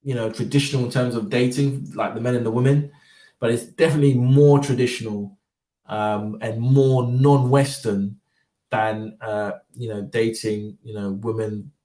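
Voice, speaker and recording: A man's voice: mid-range voice, fairly even intonation, normal speed, mellow, distant mic. A man talking in a casual, rambling monologue, full of fillers and repeated words. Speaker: vlogger. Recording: roomy, voice off-mic.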